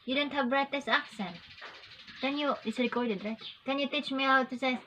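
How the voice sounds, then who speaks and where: A woman's voice: high-pitched, moderate pace, pushed and bright, a little hiss or hum, low-quality recording. A woman co-hosting a casual video chat, playful and giggly. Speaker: co-host.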